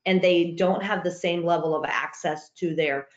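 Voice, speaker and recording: A woman's voice: on the low side, steady tone, normal speed. A woman on a webinar panel giving earnest healthcare marketing advice, often restarting her sentences. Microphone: video call. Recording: dull roomy video call audio.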